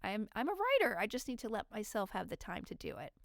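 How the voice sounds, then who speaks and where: A woman's voice: mid-range voice, big pitch swings, fast talker, creaky, no room sound, studio quality. A woman hosting her own podcast, chatting freely and at length in a rambling, unedited monologue. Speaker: podcast host. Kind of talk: casual solo monologue.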